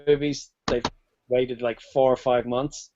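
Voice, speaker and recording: A man's voice: mid-range voice, flat delivery, measured pace. A man co-hosting a casual film podcast, chatty and joking, saying "like" a lot. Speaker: podcast co-host. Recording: dull lo-fi podcast mic.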